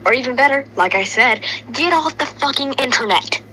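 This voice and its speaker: A woman's voice: high-pitched, expressive, moderate pace, pushed and bright, a little hiss or hum, low-quality recording. A woman in casual commentary chat, blunt and critical, swearing at times.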